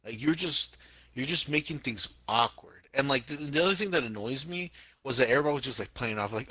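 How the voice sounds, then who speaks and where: A man co-hosting a podcast in casual chat. His voice is bright and forward, and he talks in an animated, emphatic way, circling back to repeat his points. The sound is dry and close. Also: medium pitch, a little fast, slightly rough, no echo. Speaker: podcast co-host.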